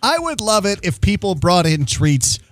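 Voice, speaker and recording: A man's voice: sits high, very animated, moderate pace, no room sound, soft background music. A man co-hosting a morning radio show, bantering in a wry, playful way. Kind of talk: casual morning radio chat.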